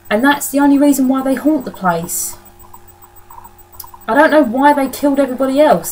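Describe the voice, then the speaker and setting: A woman's voice: mid-range voice, slight background noise, rough recording. A woman giving a casual, rambling film review indoors, swearing freely and laughing often. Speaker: movie reviewer. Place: indoor room.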